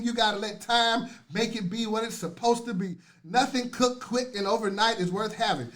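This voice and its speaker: High-voiced exuberant motivational man. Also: fairly bright tone. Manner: preachy, exuberant, repeats phrases. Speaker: motivational host. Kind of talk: live motivational talk.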